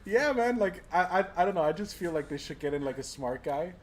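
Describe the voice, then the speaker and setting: A man's voice: fairly high pitch, animated, a little fast, slight background noise. A man co-hosting a livestream in casual banter who swears freely, laughs often and acts out quotes. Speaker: livestream co-host.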